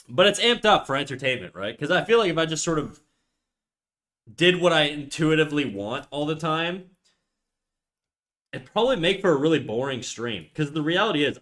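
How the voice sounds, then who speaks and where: A man's voice: fairly high pitch, sing-song, normal speed, a bit bright. A young man streaming live, chatting casually in an upbeat, talkative way, restarting and stumbling over his words.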